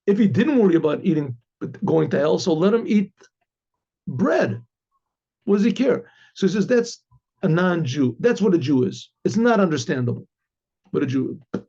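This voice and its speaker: Man telling a story in a husky high voice. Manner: animated retelling with acted quotes, frequent throat-clearing and restarts. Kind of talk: storytelling talk. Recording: dull lo-fi recording.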